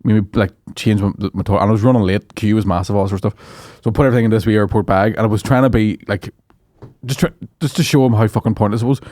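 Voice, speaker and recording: Guy telling funny stories, kinda low voice, swears a lot, dry close mic. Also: fairly even intonation, fast, a little mellow, dry recording. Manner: laughing, sweary, rambling anecdotes. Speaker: comedian guest. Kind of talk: casual chat, storytelling.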